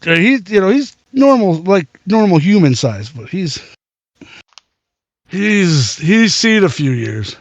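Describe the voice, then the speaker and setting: A man narrates as game master for a tabletop game, rambling easily through the scene. His voice sits a little high with a gravelly edge. The sound is dry and close. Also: sing-song, slow, no echo, dull audio. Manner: loose, rambling narration with fillers.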